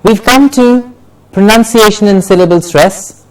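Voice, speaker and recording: Man, pronunciation teacher, slow and deliberate, repeats each word, slightly high voice, sounds a bit off-mic. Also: recorded from a distance, poor audio. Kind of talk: classroom lesson with drills.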